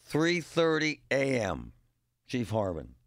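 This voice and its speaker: A man's voice: mid-range voice, huge pitch swings, slow pace, gravelly, no room sound, studio quality. A middle-aged man hosting a radio show, rambling and joking in a casual monologue with punchy exclamations.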